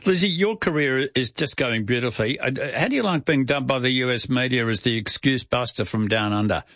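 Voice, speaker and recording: A man's voice: medium pitch, a little fast, fairly bright tone, no echo, muffled recording. Upbeat male radio host. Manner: friendly, upbeat, chatty. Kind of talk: radio interview. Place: radio studio.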